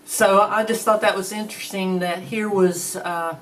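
A woman's voice: medium pitch, steady tone, a bit bright, far from the mic, slight background noise, poor audio. A woman teaching a Bible lesson in a plainspoken, conversational way. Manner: slow, plainspoken, conversational with fillers.

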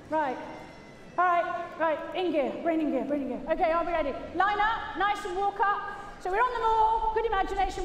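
High-voiced British woman over an arena PA. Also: slight background noise. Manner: jokey and chatty, praising dogs between explanations. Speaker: gundog trainer giving a live arena demonstration. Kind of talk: live commentary over a loudspeaker. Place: large indoor arena. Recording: echoey arena PA from far off.

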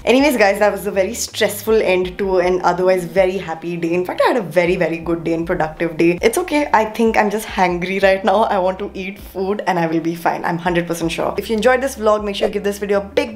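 A woman's voice: medium pitch, brisk, few pauses. Young woman vlogger, Indian English accent, mid-range voice, casual chatty delivery to camera. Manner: chatty, talks straight to viewers. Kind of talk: casual vlog chat.

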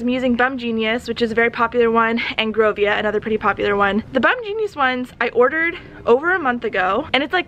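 A woman's voice: on the high side, fairly bright tone, slight background noise. A young woman vlogging in a casual, chatty way, laughing often and a little out of breath. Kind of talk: casual chat to camera.

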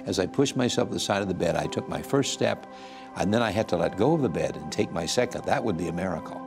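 A guest in his eighties earnestly tells his life story, acting out the voices of the people he quotes. His voice is low, expressive, and fast, with soft music playing underneath.

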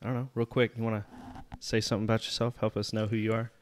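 A man's voice: on the low side, little pitch movement, fast, a little mellow, a little hiss or hum. A man hosting a podcast in a casual, rambling and jokey way. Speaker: podcast host.

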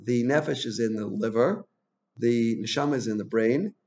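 A man's voice: medium pitch, moderate pace, darkish tone. A man teaching an informal Torah class, chatty and full of "you know", telling personal stories and asking his listeners questions. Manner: asks the audience questions. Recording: dull lo-fi recording.

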